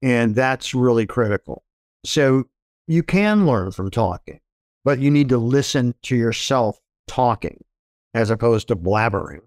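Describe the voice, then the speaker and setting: A man's voice: medium pitch, lively intonation, a little slow, a little mellow, dry recording, studio quality. A man in a casual conversation, thoughtfully explaining advice about listening to yourself and taking feedback. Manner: reflective, advising.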